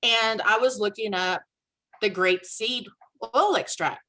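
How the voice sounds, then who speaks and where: A woman casually telling a personal story on a video call, animated and acting out the dialogue she quotes. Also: medium pitch, takes it slowly, rough recording. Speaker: guest sharing a testimonial.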